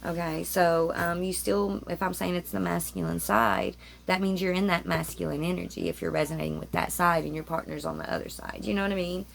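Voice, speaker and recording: A woman's voice: fairly low pitch, steady tone, brisk, vocal fry, hardly any pauses. A woman giving a rambling, chatty tarot reading at home, often stopping to interrupt herself. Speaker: tarot reader. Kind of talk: casual spiritual chat to camera. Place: home room with roommates nearby.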